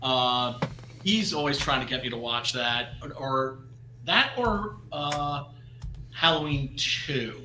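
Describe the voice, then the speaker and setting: A man's voice: mid-range voice, slow, pushed and bright. A man co-hosting a casual movie podcast, talking hesitantly with many fillers. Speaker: podcast co-host. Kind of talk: casual chat. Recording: echoey room, faint noise.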